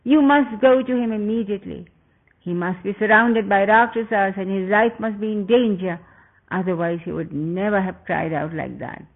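A man's voice: sits high, moderate pace, gravelly. A man voicing a frantic young royal wife who pleads urgently. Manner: urgent, commanding pleas. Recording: tinny phone-like sound.

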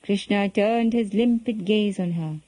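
A woman reading a children's story aloud in a gentle, expressive storytelling manner. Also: mid-range voice, a little slow, no room sound, low-quality recording.

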